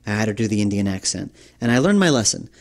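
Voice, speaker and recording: Game developer from New York, man; casual, rambling commentary, lowish voice. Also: sing-song, fast. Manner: rambling, many fillers and restarts.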